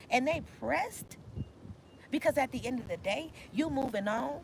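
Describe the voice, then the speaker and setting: A woman's voice: high voice, expressive, normal speed, background noise. A woman giving a casual tarot reading outdoors, talking in an emphatic, slangy, repetitive way. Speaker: tarot reader. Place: outdoors in nature.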